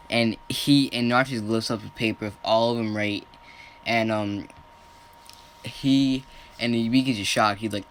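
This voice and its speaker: A man's voice: lowish voice, normal speed, fairly bright tone, slight background noise. A man casually retelling a fan story off the cuff, rambling and often correcting himself as he goes.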